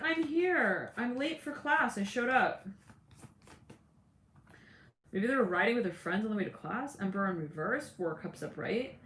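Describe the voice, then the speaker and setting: A woman's voice: medium pitch, slight background noise. A woman giving a casual, rambling tarot reading who often laughs and acts out what people say. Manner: rambling, voices quoted figures, laughs often. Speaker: tarot reader. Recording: echoey room with faint ambience.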